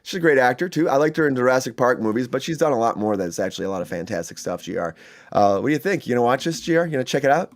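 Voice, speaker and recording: A man's voice: mid-range voice, animated, racing. A man hosting a casual entertainment news chat, talking in a chatty, enthusiastic way with many fillers and asides. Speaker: host.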